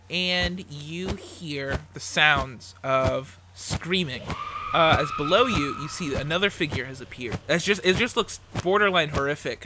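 A man narrating a tabletop game as game master, halting, with many fillers. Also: a little high, background noise.

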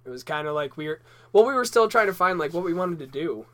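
A man co-hosting a podcast, joking crudely and getting excited in casual banter. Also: a little high, quick pace. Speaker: podcast co-host.

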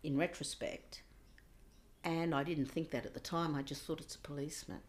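A woman's voice: deep voice, fairly even intonation, moderate pace. Woman telling a painful personal story. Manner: intense, drops to a hushed whisper at times. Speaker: interview guest.

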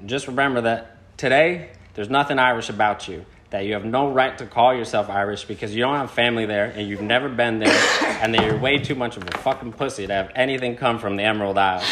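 A man doing an impression of a sneering young man, loudly reading out a mocking message. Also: mid-range voice, fast talker, noisy background, close to an everyday voice.

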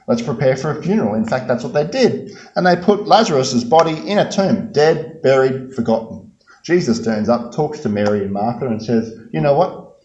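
A male preacher delivers his sermon with emphatic repetition, jumping between loud bursts and quiet asides. His voice sits at a middle pitch and rings around a roomy hall, and the recording sounds a little dull. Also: animated, moderate pace. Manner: emphatic, repeats key phrases, swings between loud and hushed.

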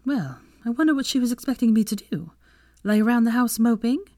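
A woman's voice: on the high side, sing-song, a little fast, warm tone, no room sound, studio quality, voice pushed up. A woman voicing a spirited, defiant young witch in an audiobook reading, with an emphatic delivery. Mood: indignant.

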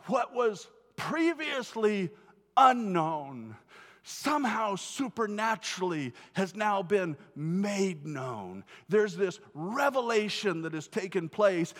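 A man preaching a sermon, telling the story with lively acted-out voices and frequent word repeats. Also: high voice, slow pace. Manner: animated storytelling, acts out quoted voices, repeats words. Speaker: pastor. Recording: long hall reverb.

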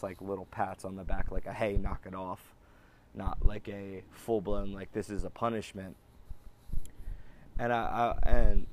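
A man in his thirties hosting a podcast, talking in a rambling, halting way with many restarts and fillers. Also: lowish voice, a little mellow, a little hiss or hum. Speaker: podcast host. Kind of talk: casual personal monologue.

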